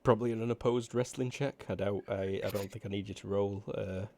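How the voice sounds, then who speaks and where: Deep-voiced laid-back male game master. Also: a little fast. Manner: relaxed, stumbles and restarts often. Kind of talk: running a tabletop game on a video call.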